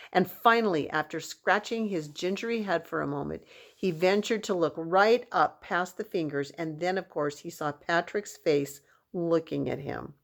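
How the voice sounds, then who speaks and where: A woman reading a children's novel aloud with expressive storytelling. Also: on the low side. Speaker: reader.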